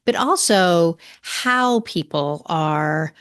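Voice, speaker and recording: A woman's voice: fairly low pitch, animated, extremely slow, fairly bright tone, clear, resonant tone. Reflective middle-aged woman podcast host. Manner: reflective, thinks aloud. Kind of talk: casual podcast interview.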